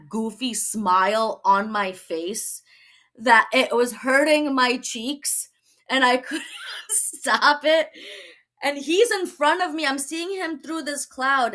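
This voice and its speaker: A young woman tells her personal testimony as a guest. She sounds bright and a little high, acts out quoted dialogue and laughs easily. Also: takes it slowly. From Brooklyn, New York. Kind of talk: personal testimony in a talk show.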